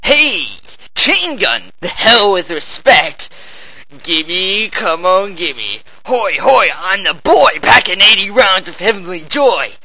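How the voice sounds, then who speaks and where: A man giving over-the-top, theatrical narration while playing a shooter game, full of shouty bravado. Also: high-pitched, big pitch swings, slow pace, dry recording, rough recording. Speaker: game player. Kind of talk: hammy gameplay narration.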